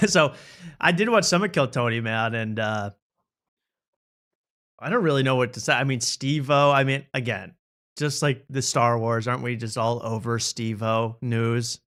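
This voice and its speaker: A man hosting a comedy talk show, riffing in a sarcastic, fast-moving way. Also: mid-range voice, fairly bright tone.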